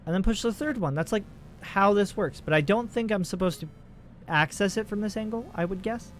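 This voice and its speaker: A man's voice: sits high, a little fast, slight background noise. A man in his twenties giving casual, profane, rambling commentary while playing a video game. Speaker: let's play host.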